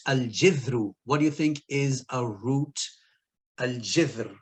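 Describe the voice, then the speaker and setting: Man, online lecture, linguistics teacher, mid-pitched, playful, laughs at own jokes. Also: slow, husky. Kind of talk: recorded online lecture with quiz.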